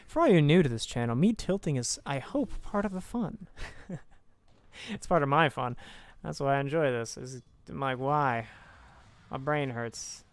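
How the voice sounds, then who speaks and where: A young man casting a video game with excitable, swearing, self-mocking commentary, talking close to his microphone. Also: mid-range voice, moderate pace, no room sound. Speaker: game caster. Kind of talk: casual esports commentary.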